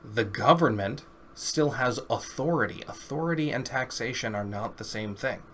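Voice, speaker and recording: A man's voice: lowish voice, a bit bright, slight background noise. A man commenting on a clip, firmly correcting the speaker's points in a rebuttal. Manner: firm, corrective.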